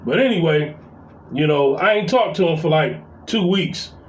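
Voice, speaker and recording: A middle-aged vlogger talks straight to his audience in a casual, heated venting monologue full of profanity, recounting a family story. His voice is a little high and expressive at a moderate pace, though the audio is poor.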